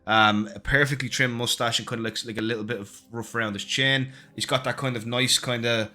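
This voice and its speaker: A man's voice: medium pitch, fairly even intonation, brisk, bright, forceful tone. A man narrating as game master, describing a character with many fillers and hesitations.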